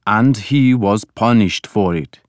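A man reading the part of an anxious older farmer, pleading earnestly and slowly. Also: fairly low pitch, dry recording.

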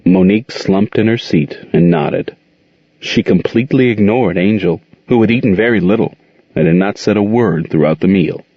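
A man narrating a novel as an expressive audiobook reader, in a dull, dry recording. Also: fairly low pitch, normal speed, dry recording. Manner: expressive storytelling.

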